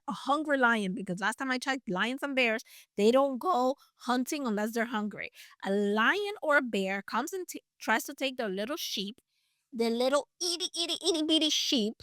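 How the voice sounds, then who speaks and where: Bright, chatty woman retelling Bible stories. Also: fairly high pitch, no room sound, clean studio sound. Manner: chatty, conversational asides and playful emphasis. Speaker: Bible storyteller. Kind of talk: casual Bible story retelling.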